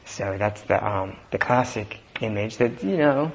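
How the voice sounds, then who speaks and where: Male Zen teacher, unhurried, halting delivery, muffled lo-fi recording. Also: on the low side. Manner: relaxed, halting, with frequent fillers and soft laughs. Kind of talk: dharma talk. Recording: dull lo-fi recording with faint noise.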